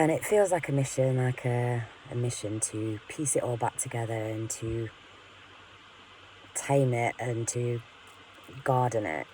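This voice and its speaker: A woman's voice: rumbling low, warm tone, a little hiss or hum, low-quality recording. A woman venting in a candid, rambling monologue to her camera, frank and full of swearing, often laughing at herself. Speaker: vlogger.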